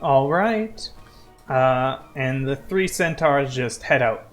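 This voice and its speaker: A man's voice: mid-range voice, animated, takes it slowly, soft background music. A man running a tabletop game as game master, narrating in a wry, teasing way.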